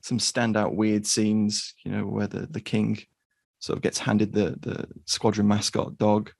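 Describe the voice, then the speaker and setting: Gravelly, husky man co-hosting a podcast. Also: on the low side, completely flat delivery, a little slow, a little mellow, no room sound. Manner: hesitant, many restarts. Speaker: podcast co-host. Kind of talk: casual podcast discussion.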